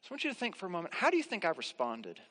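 Male pastor, high voice, earnest reassuring sermon delivery, emphatic rises. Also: wildly swooping pitch, rapid-fire, fairly bright tone, long reverb tail.

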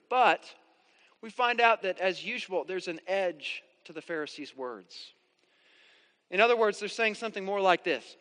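A man's voice: high voice, expressive, moderate pace, sharp tone. A man delivering an earnest, emphatic sermon as a pastor, often restarting his phrases. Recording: reverberant hall.

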